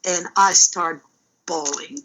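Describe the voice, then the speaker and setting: Energetic, bright-voiced woman telling stories. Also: fairly low pitch, takes it slowly, low-quality recording. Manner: energetic and loud, animated retelling. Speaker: guest, middle school art teacher. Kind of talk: casual conversational storytelling.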